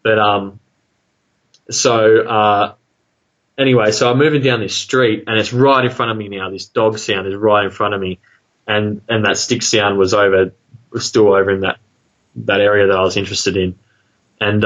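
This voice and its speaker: An Australian man tells a long personal story in a loose, rambling way, packed with fillers and asides. His voice sits on the low side. The audio is dull and lo-fi, like a call recording. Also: steady tone, normal speed, a bit bright. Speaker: guest telling an encounter story. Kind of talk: casual storytelling.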